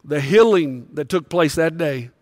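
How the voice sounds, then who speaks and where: A man's voice: on the high side, lively intonation, a little slow, no echo. A male pastor preaching a sermon with impassioned, confessional storytelling.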